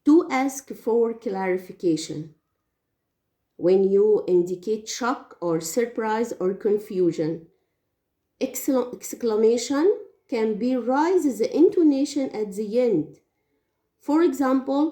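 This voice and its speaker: Slow, careful Arabic-speaking woman teacher. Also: on the high side, expressive, mellow. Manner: slow, careful explaining with hesitations. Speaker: English teacher. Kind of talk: teaching tips, spoken lesson. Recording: echoey room.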